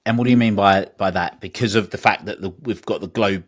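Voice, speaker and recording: Low-voiced man hosting, dry sound. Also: a little fast, no echo. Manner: thoughtful, asks long winding questions. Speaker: podcast host. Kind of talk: conversational interview.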